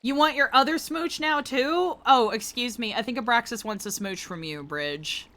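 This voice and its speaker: A woman streamer chatting casually while gaming, playful and animated, swearing freely. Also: on the high side, moderate pace.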